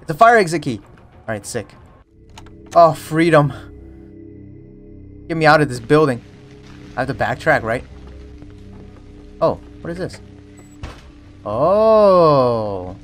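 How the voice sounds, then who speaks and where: Jumpy, animated young man streaming a game. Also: fairly high pitch, slow, pauses often. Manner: jumpy, jokey, yelps and panics at scares. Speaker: streamer playing a horror game. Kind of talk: let's play commentary. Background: faint game music.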